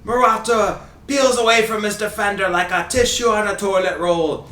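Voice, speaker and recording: A man's voice: high voice, steady tone, sharp tone, voice pushed up. A man doing an impression of a manic, over-the-top male soccer commentator who gushes wild flowery phrases, in a podcast chat. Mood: frenzied, gushing. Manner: wild, rapid-fire flowery exclamations. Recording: roomy echo, distant mic, faint hiss.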